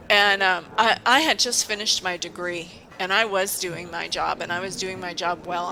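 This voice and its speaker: A woman's voice: on the low side, vocal fry, sharp tone, rough recording. A woman who works at a university, venting in a casual vlog and telling her story in an indignant, emphatic way. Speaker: university staff member.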